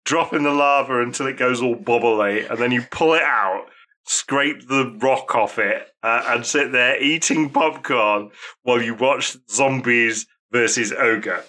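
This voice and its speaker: A man's voice: medium pitch, unhurried. A man narrating a tabletop game as game master, telling the action with laughs and the odd swear word. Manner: lively, laughing, profane storytelling.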